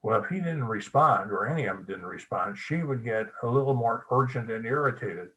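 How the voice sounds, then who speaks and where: A man's voice: mid-range voice, a little fast, a bit bright, low-quality recording. An older man giving an anecdotal local history talk at a club meeting, a folksy storyteller who spells words out letter by letter. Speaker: guest speaker.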